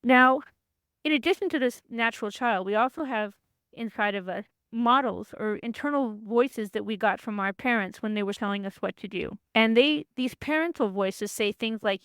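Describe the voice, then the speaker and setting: A woman's voice: on the high side, moderate pace, fairly bright tone, clear, resonant tone, no echo, studio quality. A woman presenting a workshop lesson, explaining ideas in a conversational lecture and sometimes acting out quoted voices. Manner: acts out quoted voices, frequent restarts.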